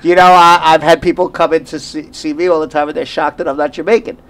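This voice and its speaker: Chatty high-voiced New man. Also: level tone, quick pace, a bit bright. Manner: chatty, repeats himself, reads the phone number. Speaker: immigration lawyer and radio show host. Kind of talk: casual call-in radio chat.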